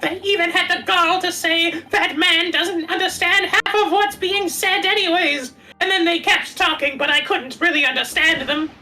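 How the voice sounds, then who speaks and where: Woman voicing a high, anxious young student. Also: steady tone, normal speed, hardly any pauses, bright, forceful tone, soft background music, low-quality recording. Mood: bitter. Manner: anxious, self-pitying, clingy. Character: despairing young male foreign student accused of murder. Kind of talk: reading a visual novel aloud.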